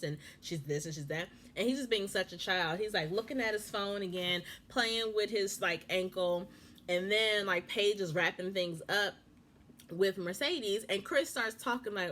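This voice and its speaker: A woman at home giving a casual, animated reality show recap, acting out quotes with exasperated asides. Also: medium pitch. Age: young adult or 30s. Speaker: recap vlogger.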